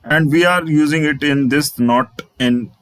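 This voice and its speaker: A man's voice: a little high, a little slow, a bit bright, clean tone, low-quality recording. A man teaching a programming lesson over his screen, spelling out letters and repeating phrases as he goes. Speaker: programming instructor. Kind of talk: screen-share coding tutorial.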